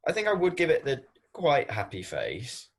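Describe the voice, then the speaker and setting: A man's voice: mid-range voice, wildly swooping pitch, normal speed. A man co-hosting a podcast in casual chat, hesitant and trailing off. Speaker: podcast co-host.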